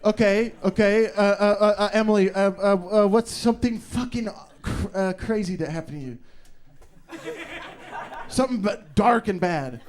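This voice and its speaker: High-pitched guy hosting live comedy, loud and rambling, crowd noise. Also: moderate pace. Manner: rambling, loud, swearing, laughing. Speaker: comedy show host. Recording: live room with audience noise.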